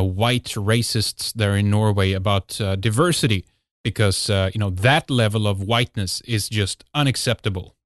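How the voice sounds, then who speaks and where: A man's voice: on the low side, no echo, studio quality. A man hosting a show, delivering an emphatic monologue full of rhetorical questions and fillers. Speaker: host. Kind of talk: monologue intro to a talk show.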